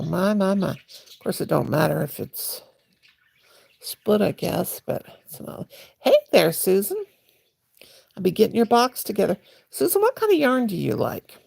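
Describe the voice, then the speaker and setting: A woman's voice: mid-range voice, normal speed, vocal fry, a little mellow, breathy edge. A woman hosting a crochet livestream, chatting to viewers in a rambling, folksy way while she crochets. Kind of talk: casual livestream chat.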